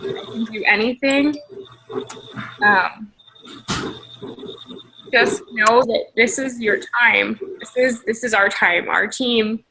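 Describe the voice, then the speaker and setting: Woman, bright and a touch high, team leader on a video call; emotional motivational speech, shaky and tearful. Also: steady tone, slow, creaky, pauses often, slight background noise, low-quality recording. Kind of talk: emotional motivational pep talk.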